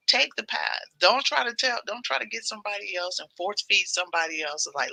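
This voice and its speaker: Bright, chatty woman hosting a devotional. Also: medium pitch, lively intonation, fairly quick, creaky, hardly any pauses, no room sound, poor audio. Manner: chatty, repeats phrases for emphasis. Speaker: devotional livestream host. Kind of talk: casual devotional talk.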